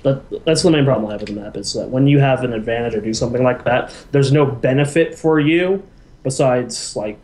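A man's voice: mid-range voice, a little fast, a little mellow. A man co-hosting a casual gaming podcast, giving his opinions and suggesting game fixes.

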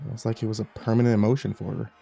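A man narrating a first-person horror story, tense and hushed, rising with the scary parts. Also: on the low side, level tone, racing, gravelly, slightly rough, faint music behind.

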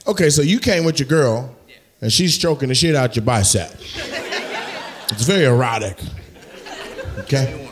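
A man's voice: mid-range voice, expressive, moderate pace, long pauses. A man doing live stand-up crowd work in a comedy club, teasing audience members with brash, profane banter. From United States. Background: audience laughter.

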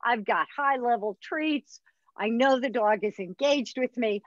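A woman's voice: fairly high pitch, measured pace, no echo, lo-fi sound. A woman dog trainer teaching a puppy class in a chatty, upbeat way. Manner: chatty, upbeat instructor who acts out dog voices.

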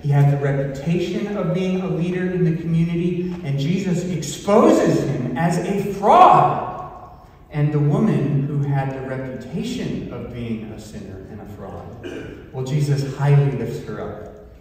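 A man's voice: fairly high pitch, lively intonation. A male pastor delivering an earnest, emphatic sermon in a church hall. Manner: earnest, emphatic teaching with pauses. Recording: echoey hall from far off.

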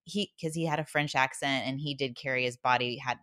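Low-voiced woman podcast host. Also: fairly even intonation, a little fast. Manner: warm-hearted and emotional, with frequent laughs. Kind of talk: casual chat.

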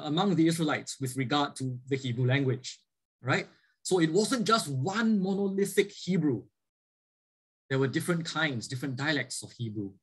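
Husky and on the high side, a man's voice comes through poor audio as he lectures a class. He explains things, checks in with "right?" frequently, and fields questions from students.

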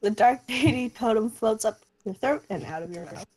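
A woman's voice: a little high, normal speed, crowd noise. A woman streaming a game, reading its text aloud in a casual, laughing way.

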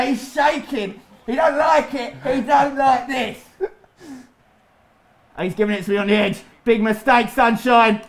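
A young man calls his own football game match, taunting and bragging as he plays. His voice sits high and keeps climbing into loud, excited shouts. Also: unhurried, some chatter behind. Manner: excitable, boastful, shouting at big moments. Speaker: gaming YouTuber. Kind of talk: live gameplay commentary with trash talk.

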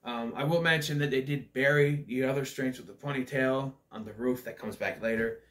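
A man's voice: medium pitch, brisk, fairly bright tone. A man giving a casual, opinionated movie review, blunt and ranting, with swearing, loose fillers and restarts.

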